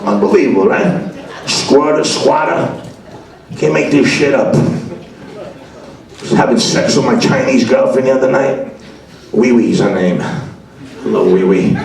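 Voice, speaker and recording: A man's voice: medium pitch, gravelly. A male stand-up comedian, telling brash, profane stories in a comedy club set. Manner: brash, profane, acts out voices, shouts punchlines. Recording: very echoey club from a distance, crowd laughter. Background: audience laughing.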